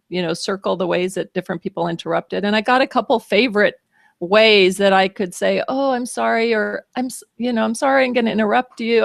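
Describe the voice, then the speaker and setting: Woman host with a gravelly voice. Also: medium pitch, no echo, studio quality. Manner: reflective, asks questions. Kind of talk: casual interview chat.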